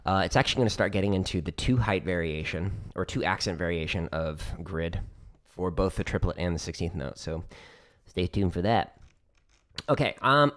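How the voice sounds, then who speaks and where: A man casually explaining drum exercises on his practice livestream, chatty and joking as he goes. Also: lowish voice.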